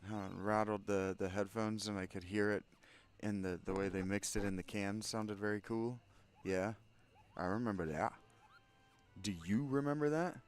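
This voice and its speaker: A man's voice: on the low side, steady tone, normal speed, clear, resonant tone, faint music behind. A man playing through a video game, chatting and cracking crude, self-mocking jokes. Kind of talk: casual let's-play commentary.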